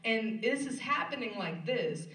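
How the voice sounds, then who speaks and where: Animated poet telling a story from afar. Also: mid-range voice, a little slow. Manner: animated, laughing, casual swearing. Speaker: podcast poet. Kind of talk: casual storytelling. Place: live event at a college. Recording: echoey room, far from mic.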